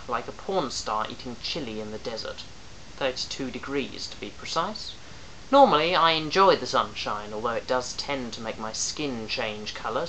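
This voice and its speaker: A man reading his own comic story aloud in a deadpan, wry first-person narration. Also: mid-range voice, a little hiss or hum, poor audio. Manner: dry, wry asides, sometimes dropping to a whisper.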